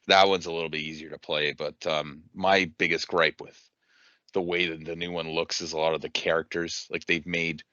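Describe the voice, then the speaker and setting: A man co-hosting a casual podcast, relaxed and quick to laugh while sharing his opinions. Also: low-pitched, no room sound, dull audio. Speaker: podcast co-host.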